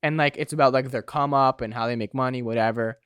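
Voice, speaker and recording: A man's voice: mid-range voice, fairly even intonation, fast, fairly bright tone, clear, resonant tone, no room sound. Young male podcast co-host, easygoing filler-heavy chat, dry mic. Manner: laid-back, says "dude" and "like" a lot. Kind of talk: casual chat.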